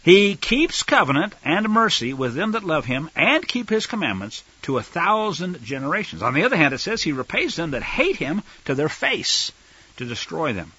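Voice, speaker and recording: A man teaching scripture in a sermon style, emphatic, swinging from loud stresses to quiet asides. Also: a little high, sing-song, normal speed, husky, no room sound. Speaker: Bible teacher. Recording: dull lo-fi recording, dry.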